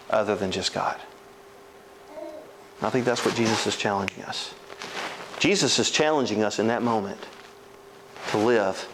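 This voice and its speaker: A man's voice: fairly low pitch, fairly bright tone, slight background noise, poor audio. A man preaching a sermon as a pastor, earnest and emphatic.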